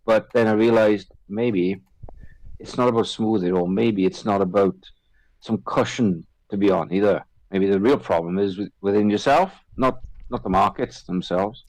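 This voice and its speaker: A man's voice: lowish voice, moderate pace, a little mellow, no room sound, poor audio. A man talking reflectively in casual chat, comparing trading to boxing.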